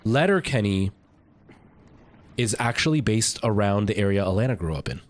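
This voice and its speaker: A man's voice: lowish voice, animated, moderate pace. A man streaming a game live, chatting casually with viewers in a rambling, talkative way. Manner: rambling, chatty, answering chat.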